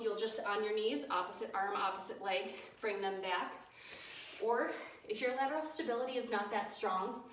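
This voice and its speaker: Her voice fairly high and fairly bright, a woman coaches a guided home workout with upbeat energy, counting down every set. The far-off camera mic catches her in an echoey room along with a little hiss or hum.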